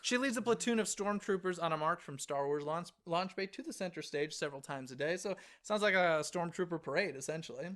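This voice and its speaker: A man co-hosting a podcast in casual chat, chatty and excitable, with frequent laughs and quick asides. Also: on the high side. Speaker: podcast co-host.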